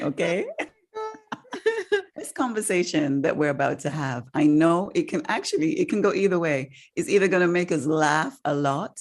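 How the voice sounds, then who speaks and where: A woman hosting a casual podcast, chatty and expressive, laughing often between points. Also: fairly low pitch, normal speed, a little hiss or hum. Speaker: podcast host.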